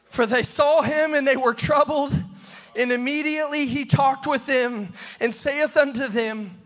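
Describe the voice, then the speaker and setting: A man preaches with a strikingly high, bright, ringing voice. He swings between quiet asides and shouted, half-sung refrains, driving his sermon in a rhythmic sing-song cadence. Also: unhurried. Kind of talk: pentecostal-style sermon.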